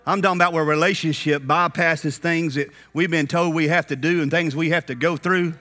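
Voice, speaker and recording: A man preaching a sermon at a conference, animated and shouting at peaks, slipping into character voices for retold scenes. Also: fairly high pitch, a little fast. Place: conference hall.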